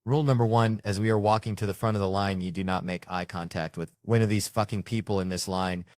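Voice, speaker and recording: A middle-aged man with a low voice tells stand-up stories, swearing freely and animated as he goes. The sound is dry and close. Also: quick pace, no echo. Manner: profane, animated storytelling. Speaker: stand-up comedian. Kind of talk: stand-up storytelling.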